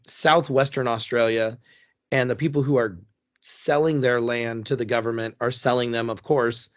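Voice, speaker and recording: A man co-hosting a casual history podcast, rambling with restarts and jokey asides. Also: mid-range voice. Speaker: podcast co-host.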